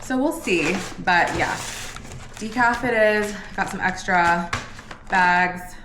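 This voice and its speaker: A woman's voice: fairly low pitch, slow pace, roomy sound, background noise. Tired young woman vlogging casually. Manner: chatty, says "like" often. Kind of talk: casual pregnancy vlog. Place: at home.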